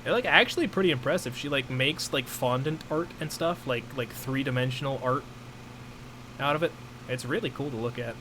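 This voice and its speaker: A young man talks casually on a livestream, rambling and full of fillers. His voice sits at a middle pitch. A faint hum hangs behind him. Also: fairly quick. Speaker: streamer host. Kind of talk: casual chat on stream.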